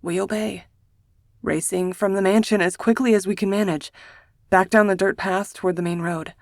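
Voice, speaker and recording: A woman reading a first-person romance novel aloud in a hushed, emotional manner, as a scripted audiobook narration. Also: mid-range voice, steady tone, moderate pace, no room sound, clean studio sound.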